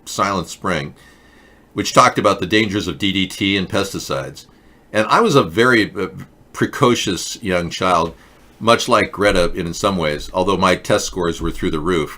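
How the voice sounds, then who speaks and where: Hosting a live political chat show, a man speaks in a fairly low, bright and forceful voice. His manner is sarcastic and mocking, in a casual satirical chat that plays off a live chat.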